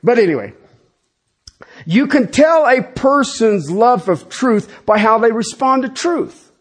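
A pastor in his fifties delivers a lively, conversational sermon, tossing casual asides to the congregation. His voice is very high-pitched and slow, with a breathy edge.

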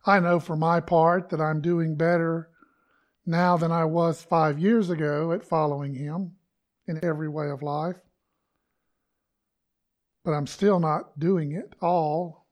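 Man preaching a sermon, higher voice. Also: fairly even intonation, slow pace, pauses often. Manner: conversational preaching with emphatic quoted lines. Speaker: pastor.

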